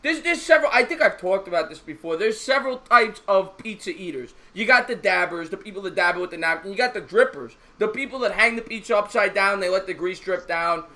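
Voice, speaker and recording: A man's voice: high-pitched, lively intonation, fairly quick, few pauses, sharp tone. A man co-hosting a casual live sports talk stream, telling a rambling joke and reading out viewer messages. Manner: rambling, repeats himself, tells jokes.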